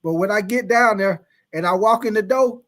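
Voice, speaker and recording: At a normal speed and with a high-pitched voice, a man on a livestream casually shares a profane story with his chat. His delivery is animated, full of laughter, and he calls out viewers by name.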